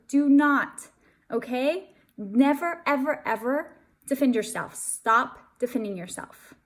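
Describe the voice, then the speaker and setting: A young adult woman giving earnest, emphatic relationship advice straight to her viewers in casual talk. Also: high-pitched. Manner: earnest and emphatic, addresses viewers as you guys. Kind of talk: casual direct-to-camera talk.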